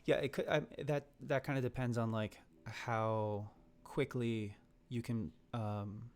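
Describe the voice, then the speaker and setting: A man's voice: mid-range voice, fairly even intonation, unhurried, a little mellow, clear, resonant tone. A young man co-hosting a casual live stream, thinking aloud about code with many fillers and restarts. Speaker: co-host.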